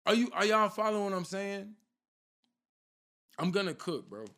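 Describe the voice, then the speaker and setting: A man's voice: high-pitched, lively intonation, normal speed, a bit bright. A man preaching an informal sermon with fervour, firing rhetorical questions at his listeners and repeating a question for emphasis.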